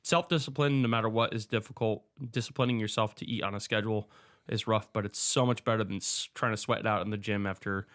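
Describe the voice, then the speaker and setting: A man talking casually as a podcast guest, loose and relaxed, with frequent fillers and restarts. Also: lowish voice, fast talker, clean tone.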